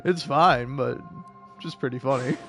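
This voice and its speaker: A man's voice: medium pitch, measured pace, music in the background. Rambling, profane young man streaming a game. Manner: rambling, profane, laughing asides. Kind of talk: casual gameplay commentary.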